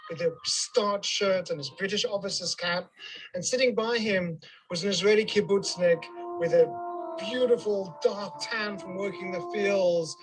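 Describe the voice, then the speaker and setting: High-voiced man telling a story outdoors. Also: rough recording. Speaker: tour guide. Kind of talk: on-location storytelling narration. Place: outdoors on a hillside. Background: background music.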